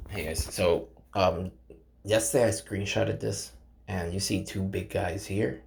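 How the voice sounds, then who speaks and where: A man's voice: low voice, fairly even intonation, measured pace, vocal fry, a little mellow, a little hiss or hum. A man casually reading a novel aloud to his viewers, stumbling over names and breaking off to chat with them. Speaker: channel host reading a game novel aloud. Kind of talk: casual read-aloud with commentary.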